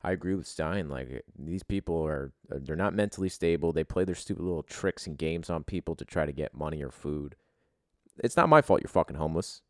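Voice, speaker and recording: A man's voice: deep voice, no room sound, clean studio sound. A man hosting a podcast in a casual, blunt and profane way. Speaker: podcast host.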